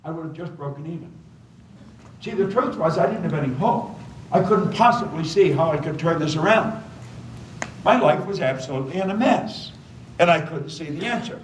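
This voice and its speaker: A man's voice: a little high, animated, moderate pace, far from the mic, slight background noise. Older man speaking in an echoey hall. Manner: emphatic storytelling, repeating key phrases. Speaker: motivational speaker. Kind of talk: seminar talk to a live audience. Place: hotel function room.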